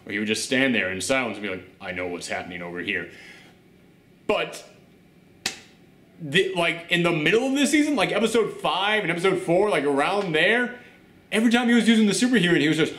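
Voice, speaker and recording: Male host, chatty and animated reaction talk, somewhat high, echoey room sound. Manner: animated, chatty, many fillers and laughs. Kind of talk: casual TV show reaction commentary.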